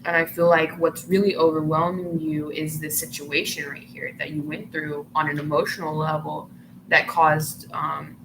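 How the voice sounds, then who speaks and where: A woman's voice: low voice, creaky. Woman, tarot reader, casual and chatty, lots of fillers, noisy background. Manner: chatty, filler-heavy, often says "like"; breaks into giggles. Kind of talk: casual tarot reading for viewers. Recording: noticeable background noise.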